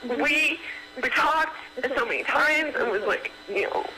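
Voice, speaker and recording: A woman on the verge of crying, speaking haltingly and repeating herself as a caller on a radio show. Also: sits high, lively intonation, low-quality recording. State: tearful, near crying. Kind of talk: emotional phone confession. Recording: radio broadcast with loud noise.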